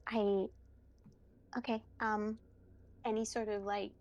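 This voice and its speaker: A woman's voice: mid-range voice, flat delivery, slow, darkish tone, highs cut off. A woman playing a tabletop role-playing game, talking hesitantly with many fillers and giggles. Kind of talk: casual role-play chat.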